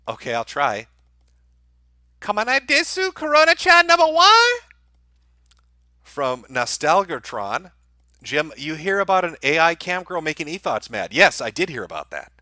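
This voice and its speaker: Guy on a livestream reading donos, crude and sarcastic, sharp bright voice. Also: a little high, very animated, a little slow, no echo, studio quality. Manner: sardonic, blunt, swears freely. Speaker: livestream host reading viewer donations. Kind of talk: casual profane commentary.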